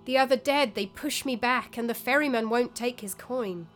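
A woman's voice: a little high, normal speed, fairly bright tone, faint music behind, voice pushed up, natural voice. A woman voicing the ghost of a young male warrior who pleads in a dry, wry tone. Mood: pleading.

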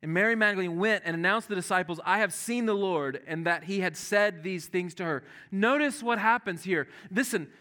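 A man preaching a sermon, animated and earnest, dropping to soft hushed tones when quoting scripture. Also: sits high, brisk, hardly any pauses. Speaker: pastor.

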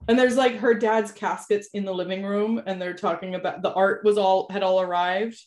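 A woman co-hosting a podcast in casual chat, animated and quick to slip into playful impressions. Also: mid-range voice. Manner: animated, often slips into a posh drawling impression. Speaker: podcast co-host.

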